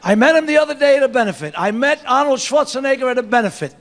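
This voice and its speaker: A man's voice: extremely high pitch, expressive, fast, a bit bright. A man with a Brooklyn accent doing stand-up comedy as emcee on an auditorium stage, brash and joking. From Brooklyn, New York. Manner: brash, joking, repeats himself.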